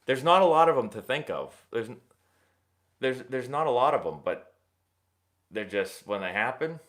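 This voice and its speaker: A young man hosting a casual live stream, answering viewer questions in a rambling, animated sports-fan way. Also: mid-range voice, normal speed. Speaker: host of a live baseball Q&A stream.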